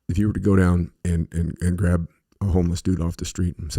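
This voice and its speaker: A man's voice: sits low, level tone, fairly quick, dark tone, breathy edge. A middle-aged man hosting a podcast, telling stories in a rambling, profane, casual way with lots of fillers. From western United States. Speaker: podcast host. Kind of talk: casual monologue.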